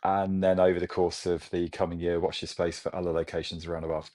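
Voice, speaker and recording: A man in his forties from Britain, a company chief talking with animated enthusiasm in a business interview. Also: low-pitched, quick pace. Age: 40s. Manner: enthusiastic, animated storytelling with laughs. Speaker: CEO guest.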